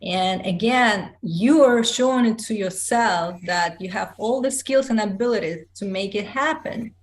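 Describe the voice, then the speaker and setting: A woman hosting a podcast interview, speaking in a calm, reflective and encouraging way. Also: mid-range voice, measured pace. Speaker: podcast host.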